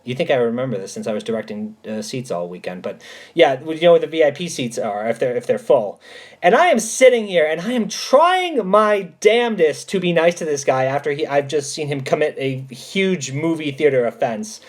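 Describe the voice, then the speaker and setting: A man hosting a casual livestream, answering chat and telling stories in an emphatic, animated way with plenty of swearing. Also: a little high, moderate pace.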